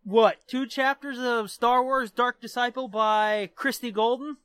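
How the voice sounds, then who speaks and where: A young man hosts a podcast and talks in a loose, joking way, loud and full of swearing. His voice is bright and forceful, and it sits at a middle pitch. The sound is dry and close, with no room echo. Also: fairly even intonation, measured pace, smooth. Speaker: podcast co-host. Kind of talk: casual chat.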